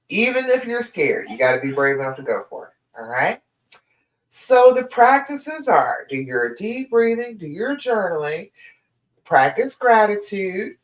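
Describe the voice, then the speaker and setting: Emphatic woman coach in an echoey room. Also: fairly low pitch. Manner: direct and emphatic, calls listeners "honey". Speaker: relationship coach. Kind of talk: live stream coaching talk.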